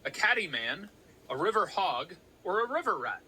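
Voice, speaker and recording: Bright-voiced man sharing trivia. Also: high voice, sing-song, moderate pace, a little hiss or hum, low-quality recording. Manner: informative, reading researched facts. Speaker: podcast co-host. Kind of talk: casual chat.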